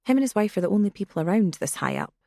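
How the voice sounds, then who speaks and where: A woman voicing a blunt, wry young woman who talks briskly and matter-of-factly. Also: mid-range voice, animated, gravelly, dark tone, dry recording, studio quality.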